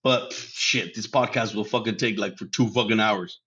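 A man's voice: on the low side, moderate pace, pushed and bright. A man hosting a casual solo podcast. He laughs often, swears freely and drops Spanish words into his English. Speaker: podcast host. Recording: dull lo-fi sound.

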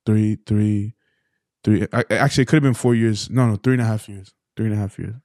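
Guy in his 20s, lowish mellow voice, rambly "like like" storytelling, dry close sound. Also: fairly even intonation, a little fast, dry recording. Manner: rambling, full of "like". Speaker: podcast co-host. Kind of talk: casual testimony.

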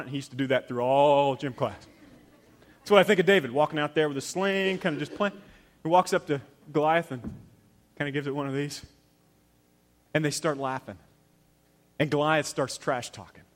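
A man preaching a sermon, telling a story with dramatic swings from loud to hushed and acting out the characters' lines. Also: mid-range voice. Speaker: pastor.

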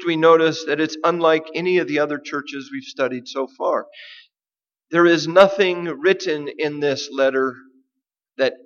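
A man preaching a sermon, deliberate and emphatic, with dramatic pauses. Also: on the high side, a bit bright, muffled recording. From United States. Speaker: pastor.

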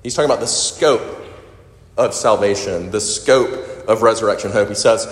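A man preaching a sermon as a pastor, speaking in a lively, conversational way with little jokes. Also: fairly low pitch, normal speed. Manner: animated, conversational, with quips and laughs. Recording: echoey hall with long reverb.

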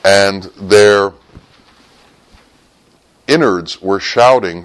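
Man preacher, very low voice, sermon storytelling that rises into sudden emphatic bursts. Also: unhurried, rough recording. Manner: swings from low and quiet to sudden loud, high bursts.

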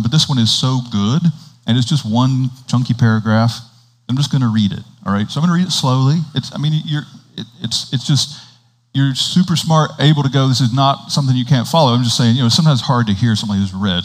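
A man's voice: mid-range voice, big-room sound, poor audio. Conversational man preaching a sermon. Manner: conversational preaching, acts out little dialogues, asks the congregation "right?". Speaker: priest.

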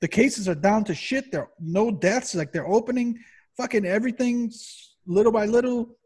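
A man co-hosting a podcast in casual chat, rambling and swearing constantly in an animated way. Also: sits high, normal speed, breathy edge. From Massachusetts. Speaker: podcast co-host.

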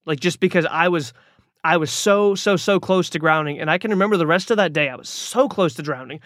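A man's voice: fairly high pitch, brisk, fairly bright tone, no room sound, clean studio sound. A man hosting a podcast, telling a personal story in a motivational monologue, talking casually with lots of fillers and restarts. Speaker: podcast host.

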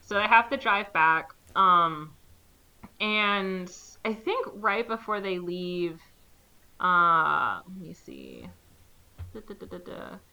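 A woman's voice: fairly low pitch, animated, slow, pushed and bright, lo-fi sound. A young woman casually recapping a movie plot, rambling with lots of "like" and acting out the characters' lines.

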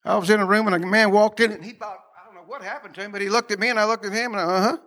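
A man's voice: high voice, steady tone, racing, pushed and bright. A man preaching a sermon in a folksy, conversational way, with laughing asides and questions put to the congregation.

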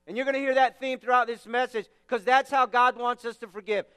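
A man's voice: extremely high pitch, fairly even intonation, brisk, fairly bright tone, clean tone, in a large hall. A man preaching a sermon as pastor, stressing his points by repeating phrases.

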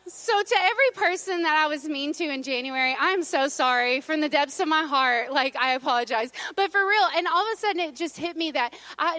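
A middle-aged woman pastor delivers her sermon in a relaxed storytelling style, throwing playful asides to the congregation. Her high voice rings bright, recorded close and dry with no room sound.

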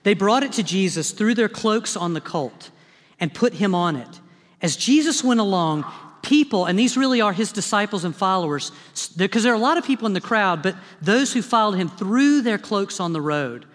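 Man, pastor, animated dramatic sermon, high voice, long hall reverb, church sanctuary. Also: normal speed. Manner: animated, dramatic preaching with humorous asides.

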